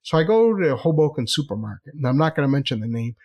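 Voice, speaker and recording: A man's voice: medium pitch, fast. Chatty man telling a personal story. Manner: chatty, animated, repeats himself for effect.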